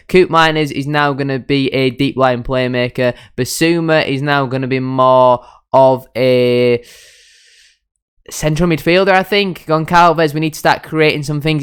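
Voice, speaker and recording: A young man calls a football management game play by play, growing frustrated and hard on his own side. His voice is smooth and clear at a middle pitch, and he talks in a steady gaming-commentary flow. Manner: frustrated, self-critical play-by-play. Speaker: gaming YouTuber.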